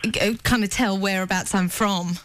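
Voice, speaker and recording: A woman's voice: medium pitch, fairly even intonation, normal speed, a bit bright, slight background noise, lightly acted. A woman putting on an Australian accent to play a polite caller booking a hotel room in a prank call. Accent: put-on Australian. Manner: sweet, polite, rising at sentence ends. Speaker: radio host doing a prank call.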